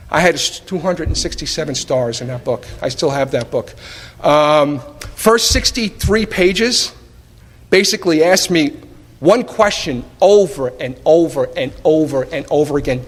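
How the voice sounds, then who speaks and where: A man shares his recovery story before a live audience, lively and wry, throwing out rhetorical questions and playing both sides of old conversations. His voice sits fairly high. The tape carries the long reverb of a large meeting hall. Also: normal speed. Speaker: speaker sharing at a recovery meeting. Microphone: taped at a live meeting.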